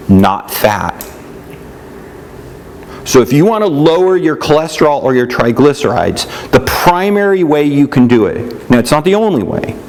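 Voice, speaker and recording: A man's voice: medium pitch, slight background noise. A man teaching a nutrition class in a casual, conversational way, often checking in with "right?" and "yeah?" and acting out what other people say. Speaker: nutrition instructor.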